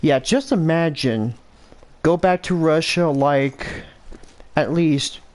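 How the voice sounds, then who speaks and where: American man, slow, higher-pitched, rambling self-correcting game commentary. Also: a little mellow. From United States. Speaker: gameplay commentator. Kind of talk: casual gameplay commentary.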